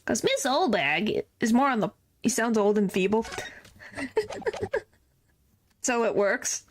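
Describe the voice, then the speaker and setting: A woman's voice: a little high, lively intonation, slow, soft background music. A woman streamer playing through a game, chatting with viewers and giggling between lines. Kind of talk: game playthrough with character voices.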